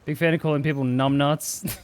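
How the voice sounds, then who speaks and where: A man's voice: a little high, fairly even intonation, moderate pace. A man streaming live, chatting casually and swearing freely as he reads viewer messages aloud and jokes about them.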